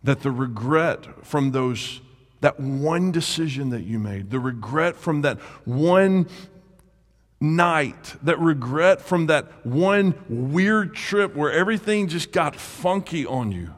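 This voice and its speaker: A man preaching a sermon as a pastor. He draws his words out and lets key lines sink to a near hush. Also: on the high side. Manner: slow, drawn-out delivery that sinks to a hush on key words. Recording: reverberant hall.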